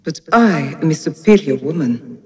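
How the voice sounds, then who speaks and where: A haughty film villainess. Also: female voice, low-pitched, lively intonation, moderate pace, mellow, long reverb tail, lo-fi sound. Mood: taunting. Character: proud female villain taunting a spy.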